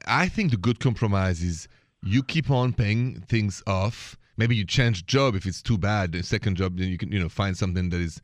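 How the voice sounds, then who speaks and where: A man's voice: on the low side, moderate pace, no room sound, clean studio sound. A man with a French accent hosting a radio advice show on love and relationships, taking callers in careful, friendly English.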